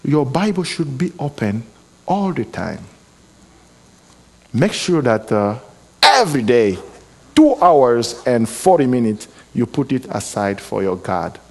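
A man with a foreign accent preaching a sermon, earnest and exhorting, often pausing with hesitations and restarting his words. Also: mid-range voice, sing-song, a little mellow. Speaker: guest preacher.

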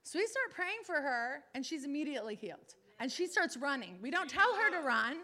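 A woman preacher telling a testimony in a sermon, animated, acting out the people she quotes. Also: sits high, fairly quick.

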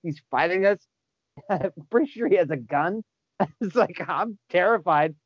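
A man swapping old bar stories in casual chat, cursing freely and breaking into laughter as he goes. His voice sits a little high for a man. The audio is dull and dry, like a remote call. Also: animated, measured pace, no echo. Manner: profane, laughing storyteller. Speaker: former bar back.

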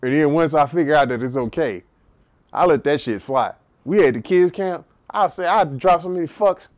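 A man's voice: on the high side, normal speed. A man co-hosting a podcast, telling stories in casual, profane chat with bursts of laughter. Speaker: podcast co-host.

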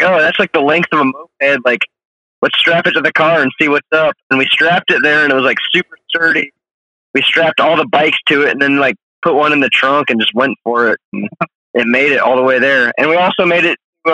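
Bright-voiced, laid-back young man. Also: fairly high pitch, poor audio. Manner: laid-back, rambling, swears freely. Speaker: podcast guest. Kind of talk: casual storytelling.

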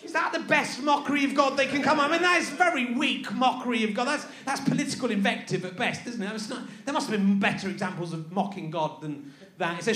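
A man's voice: very high voice, expressive, fairly quick, hardly any pauses, sharp tone. A male stand-up comedian performing live, sarcastic and incredulous, teasing the audience as he reads out a list. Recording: echoey venue with audience laughter.

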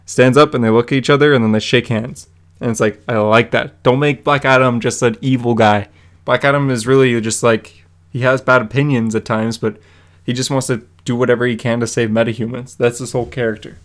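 A man with a medium-pitched voice and a steady tone hosts a comic book podcast, speaking fairly quickly and close to his mic. He recaps an issue in an enthusiastic, rambling way, like a casual chat.

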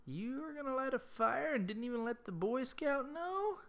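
A man mimicking his neighbor as a high-pitched, indignant young man who swears a lot. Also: expressive, moderate pace, fairly bright tone, exaggerated voice. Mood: bossy. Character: exasperated young male neighbor, cursing.

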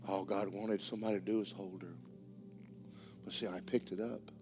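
A pastor with a fairly low voice preaches to his church. He moves from loud, excited storytelling to quiet, hushed passages. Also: normal speed, faint music behind. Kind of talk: sermon. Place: church sanctuary.

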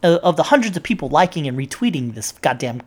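A woman's voice: low-pitched, sing-song, quick pace, darkish tone. A woman telling a story in a casual monologue, rambling and swearing, with many fillers and restarts. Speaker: social media poster recounting an argument.

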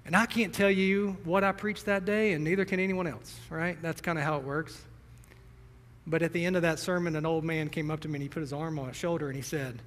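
A man's voice: on the high side, fairly even intonation, a little fast, a bit bright, in a large hall. A young man preaching a sermon to his congregation, earnest and emotional, a little teary as he speaks directly to them. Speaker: pastor. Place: church sanctuary.

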